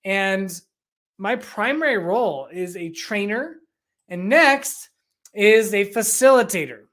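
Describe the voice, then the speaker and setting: A business coach giving an energetic, enthusiastic explanatory talk, full of rhetorical questions. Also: mid-range voice, takes it slowly. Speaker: business coach and EOS implementer.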